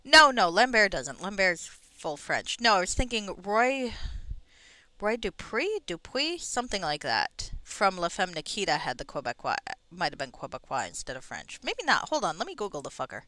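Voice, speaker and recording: A woman's voice: mid-range voice, very animated, moderate pace, sharp tone, no echo. A woman streaming a game, chatting casually on tangents, swearing and laughing at herself, breathing audibly into a close mic. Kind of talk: casual rambling chat. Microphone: close microphone.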